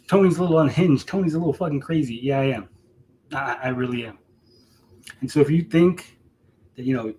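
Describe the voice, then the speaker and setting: Male streamer, heated profane callout rant, slightly high pitch, faint background hiss. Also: darkish tone, low-quality recording. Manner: heated, profane, repetitive, mocking. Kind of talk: angry callout rant to camera.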